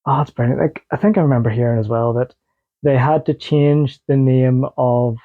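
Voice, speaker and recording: A man co-hosting a casual podcast, telling loose stories and laughing easily. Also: mid-range voice. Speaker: podcast co-host. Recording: dull lo-fi podcast audio.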